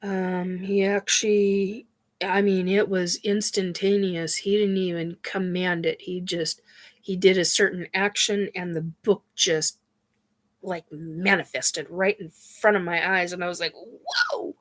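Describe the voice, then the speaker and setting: A woman hosting a casual spiritual chat, talking in a halting way with many fillers and sighs, her nose stuffed up from crying. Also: on the low side, flat delivery. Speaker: host.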